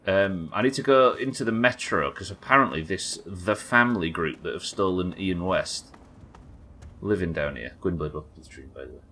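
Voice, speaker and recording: A man's voice: low-pitched, moderate pace, sharp tone. A man streaming a game live, chatting with viewers in a wry, sweary, bantering way. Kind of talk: live gameplay commentary.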